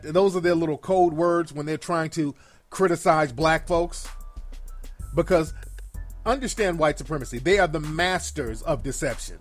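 Over soft background music, a male call-in livestream host speaks at a normal speed in a slightly high voice. His commentary is blunt, profane and emphatic, with key phrases repeated for force.

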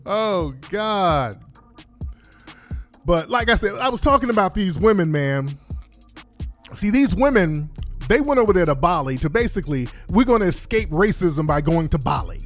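High-voiced man ranting on a stream. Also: measured pace, long pauses, soft background music. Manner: blunt, animated, repeats himself. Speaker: livestream commentator. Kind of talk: casual livestream commentary.

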